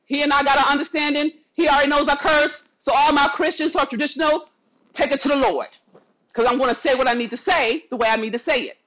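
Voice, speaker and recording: A woman's voice: high-pitched, steady tone, fast talker, a bit bright, highs cut off. A woman vlogger giving an impassioned, preachy rant to camera, swearing freely and telling viewers she loves them. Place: not at home.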